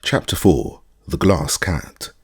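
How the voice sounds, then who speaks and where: A man reads an audiobook in a steady, measured voice. His pitch is extremely low and gravelly. The sound is dry and close. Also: no room sound. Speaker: audiobook narrator. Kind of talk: scripted narration.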